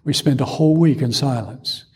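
A male Zen teacher giving a dharma talk, telling stories in a measured way with pauses. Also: mid-range voice, breathy edge. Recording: long hall reverb.

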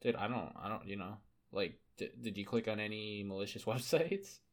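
A young man co-hosting a casual podcast, halting and trailing off, with many "um"s and "uh"s. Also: lowish voice. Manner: hesitant, trailing off, laughing easily. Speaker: podcast co-host.

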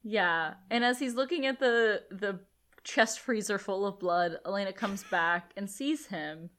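A woman co-hosts a podcast, recapping a TV episode in relaxed chat. Her voice is middle-pitched and easygoing, and she agrees often and fills gaps with casual filler words. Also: unhurried. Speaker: podcast co-host.

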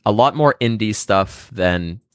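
A man's voice: on the low side, expressive, a little slow, smooth, dry recording, clean studio sound. A man co-hosting a podcast, chatting casually and hesitantly with many fillers. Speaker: podcast co-host. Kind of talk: casual chat about movies.

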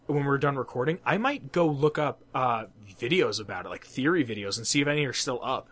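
A man's voice: medium pitch, expressive, fairly quick, fairly bright tone. A young man co-hosting a podcast, telling a long school story in casual chat, rambling and cursing and laughing at his own jokes. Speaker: podcast co-host.

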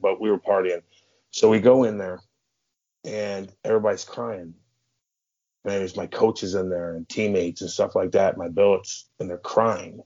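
A man's voice: sits low, darkish tone. A man in his thirties from St. Louis, a former hockey player telling rambling, swear-filled stories as a podcast guest. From St. Louis, USA. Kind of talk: casual storytelling. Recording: muffled lo-fi podcast audio.

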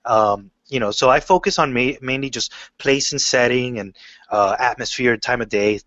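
A man's voice: medium pitch, moderate pace. A man talks casually as an interview guest, spinning loose stories full of fillers and restarts. His voice sits in a middle range and comes through a dull, lo-fi recording. The room sound is dry, with no echo. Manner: relaxed storytelling, many fillers and restarts. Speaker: comic book writer.

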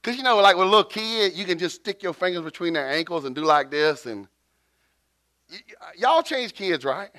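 A man, preaching a sermon and telling a story with lively jumps in pitch. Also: normal speed, no echo. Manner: animated, jumps to high pitch for quotes. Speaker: pastor.

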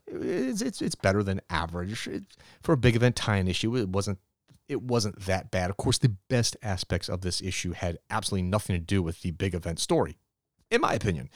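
A man's voice: low voice, dry recording, studio quality. A man hosting a podcast alone, casually retelling a comic story in a rambling way and briefly voicing the characters. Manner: rambling recap with quick voiced asides for characters. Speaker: podcast host reviewing comics. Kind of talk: casual solo review recap.

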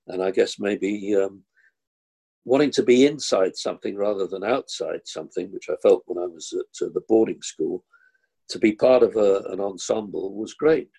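An older man from Kilburn in London, telling theatre anecdotes as an interview guest. His voice is gravelly and husky. He tells the stories with animation and acts out the people in them. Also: fairly low pitch, moderate pace, mellow. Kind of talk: anecdotal storytelling.

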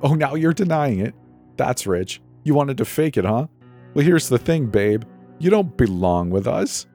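A man's voice: fairly high pitch, very animated, slow, gravelly, darkish tone, soft background music, pitched above the performer's own voice, full character voice. A man doing a sneering, spiteful teenage boy. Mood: mocking. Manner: taunting, sneering. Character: cruel mocking teenage boy, wounded, spiteful.

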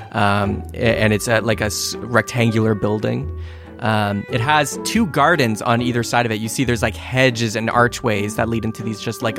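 Rambling game master describing scenes. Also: male voice, medium pitch. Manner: descriptive, halting with fillers. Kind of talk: narrating a tabletop game.

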